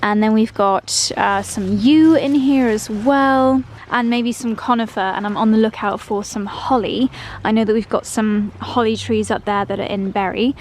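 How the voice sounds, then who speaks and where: A woman's voice: on the high side, normal speed, a little mellow, a little hiss or hum. A woman chatting through a casual home vlog tour, gushing with lots of "lovely" and "cozy". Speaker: lifestyle vlogger. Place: indoors at home and in holiday cottages.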